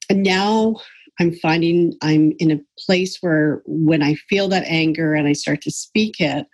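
Husky, lowish-voiced middle-aged woman. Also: unhurried, a little mellow. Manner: hesitant, many ums, self-deprecating. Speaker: participant on a group call. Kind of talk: casual personal sharing.

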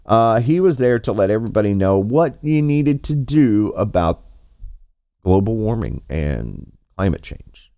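A man's voice: fairly low pitch, very animated, a little slow, creaky, warm tone, clean tone, no echo, studio quality. A man giving sarcastic, mocking political commentary, swearing freely as he rants. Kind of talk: ranting commentary.

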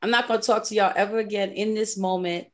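A woman in her forties or older, hosting a podcast in casual chat, an animated storyteller who laughs often, speaking. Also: medium pitch, fast. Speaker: podcast host.

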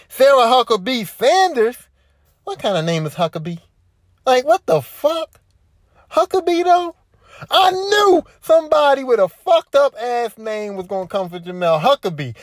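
A woman's voice: a little high, very animated, normal speed, dry recording. A woman hosting a solo podcast, ranting in a casual, profane, repetitive way. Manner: profane, repetitive, worked-up commentary. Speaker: podcast host.

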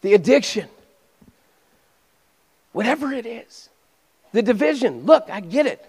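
A man with a high voice preaches to his church, moving between fervent exhortation and casual, confiding asides. The long reverb of a large hall trails after his words. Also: fairly quick, long pauses, breathy edge. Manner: energetic preaching that swings between loud exhortation and quiet conversational asides. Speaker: pastor. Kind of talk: sermon.

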